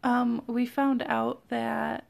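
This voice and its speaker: A woman's voice: a little high, little pitch movement, drawn-out words, creaky. A woman co-hosting a podcast, chatting casually and hesitantly with frequent ums. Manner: hesitant, trailing off, many ums. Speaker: podcast co-host. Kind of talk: casual chat.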